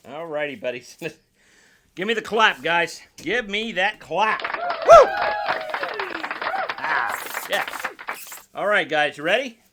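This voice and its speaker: A man's voice: on the high side, animated, a little slow, background noise. A man reviewing a guitar in a casual unboxing vlog, rambling and joking at his own expense. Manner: rambling, self-deprecating, jokey.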